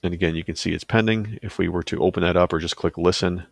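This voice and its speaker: A man with a very deep, gravelly voice talks through a software tutorial on his computer in a loose, casual way. He fills pauses and adds asides as he clicks along, and the sound is close and dry. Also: fairly even intonation, no echo. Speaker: teacher giving a software tutorial. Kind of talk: screen-recorded tutorial.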